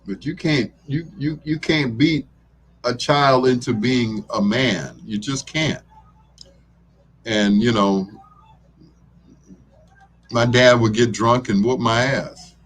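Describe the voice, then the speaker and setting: A middle-aged man hosts a casual talk show in an unhurried, drawling way. He rambles easily, chuckles often, and his voice sits in an ordinary middle pitch. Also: husky. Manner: laid-back, rambling, chuckles often, acts out drunks in quoted voices. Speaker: radio show host.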